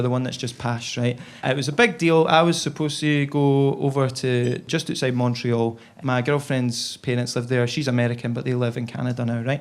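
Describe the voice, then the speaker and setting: A man's voice: mid-range voice, fairly bright tone. A Scottish man doing stand-up, telling a long story chattily and tagging his lines with "right?". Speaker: stand-up comedian.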